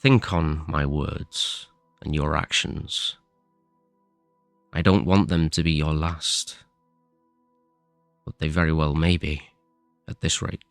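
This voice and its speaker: Stern father, slow and menacing, very deep and gravelly as voiced by a man. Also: steady tone, no echo, soft background music, full character voice. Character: stern, cold father threatening his son.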